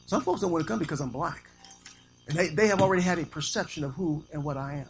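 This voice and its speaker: A man's voice: on the high side, fast. A man from Illinois, a pastor preaching a sermon with scripture quotes and calls of amen, teasing his congregation now and then. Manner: preaching with call-and-response amens, quoting scripture.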